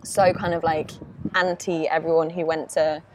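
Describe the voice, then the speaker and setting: A young woman from Oxford, chatting as a podcast guest with lots of fillers and lively quoted voices. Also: deep voice, normal speed. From Oxford, England. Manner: chatty, many fillers, animated when quoting others. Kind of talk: casual chat. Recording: noisy recording with clicks.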